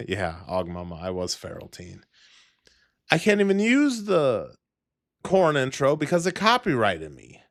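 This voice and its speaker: A man's voice: mid-range voice, wildly swooping pitch, unhurried, long pauses, fairly bright tone, dry recording. Profane rambling male livestreamer, dry sound. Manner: rambling, profane, laughs often. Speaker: livestream host. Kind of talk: casual livestream chat.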